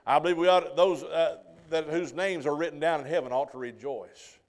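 Brief: high-pitched male pastor, folksy sermon storyteller. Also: fairly even intonation, normal speed. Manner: folksy storytelling, asks the congregation "Amen?".

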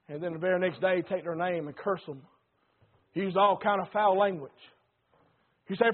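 A man preaching a sermon, swinging between loud passion and hushed warnings. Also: high voice, normal speed, pauses often. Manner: impassioned preaching that rises and drops sharply in volume. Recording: tinny phone-like sound.

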